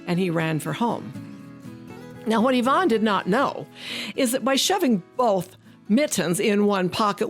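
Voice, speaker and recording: Expressive, sing-song woman storyteller. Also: a little high. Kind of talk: folk tale storytelling.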